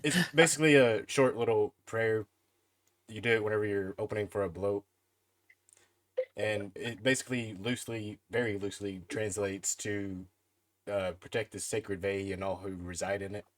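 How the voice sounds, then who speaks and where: Young male co-host, lowish voice, relaxed and brief in casual conversation. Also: normal speed. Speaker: podcast co-host. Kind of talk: casual chat.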